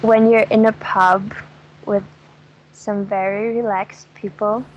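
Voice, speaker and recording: A woman's voice: medium pitch, little pitch movement, takes it slowly, lo-fi sound, slight background noise. A woman from Germany with a German accent, a travel guest chatting casually in an interview, laughing often and telling jokes with gusto. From Dresden, Germany.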